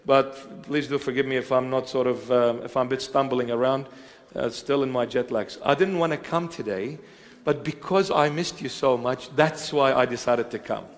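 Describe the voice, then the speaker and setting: A man preaching and answering questions before a congregation, halting with many fillers and joking now and then. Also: medium pitch. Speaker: church bishop preaching. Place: church hall with congregation. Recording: long reverb of a large hall.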